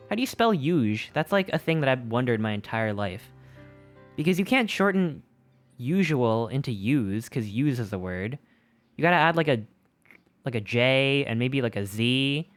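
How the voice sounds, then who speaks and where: A young adult streamer chatting casually with a live chat, upbeat and excitable, reading messages aloud. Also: mid-range voice, moderate pace, soft background music.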